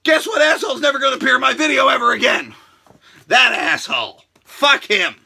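A man vlogging from a room at home, telling stories in a profane rant that bursts into shouting and drops into hushed asides. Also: very high-pitched, big pitch swings, a little fast, creaky, breathy edge. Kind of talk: ranting vlog storytelling.

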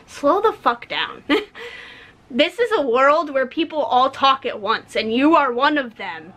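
A woman's voice: high voice, moderate pace. A young woman in her twenties, a podcast co-host, ranting bluntly and with plenty of swearing in casual talk. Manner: blunt, profane, animated storytelling. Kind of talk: casual rant.

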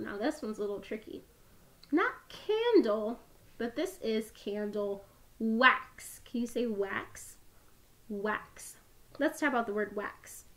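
A young woman leads a phonics lesson for small children. Her voice sits a little high, and she talks slowly in an encouraging, sing-song teacher manner. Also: fairly bright tone.

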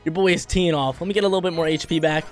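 This is a young man commenting live on his own gameplay, slangy and quick to react. His voice sits a little higher than most men's. Faint game music plays underneath. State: briefly coughing. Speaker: gaming YouTuber.

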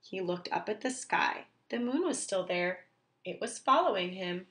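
A woman reading a children's storybook aloud, slow, clear and expressive for young listeners. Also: mid-range voice. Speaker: reader.

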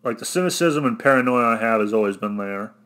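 Young arkansan guy ranting solo, flat monotone, blunt, keeps correcting himself. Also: medium pitch, fast. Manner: rambling, self-correcting, blunt and cynical. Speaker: vlogger. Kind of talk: rambling solo rant.

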